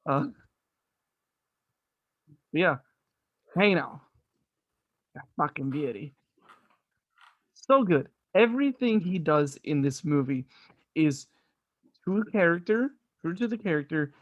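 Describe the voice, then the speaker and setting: A man's voice: a little high, expressive, slow, long pauses, dry recording, lo-fi sound. A man chatting casually as a podcast co-host, enthusiastic and rambling, swearing often. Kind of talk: casual movie review chat.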